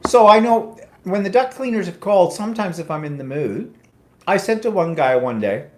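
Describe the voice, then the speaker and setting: A man's voice: high-pitched, lively intonation, normal speed, noisy background. Chatty guy hosting a live show, voice jumps all over, echoey room. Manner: chatty, teasing, keeps steering the talk back on track. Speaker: co-host of a live chat show. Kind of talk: casual livestream chat. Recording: roomy echo.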